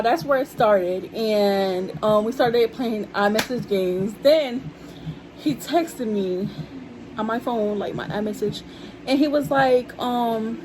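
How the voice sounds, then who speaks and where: A young adult woman vlogger casually tells her viewers a story about her life, calling them y'all. Her voice is a little high, and there's noise in the background.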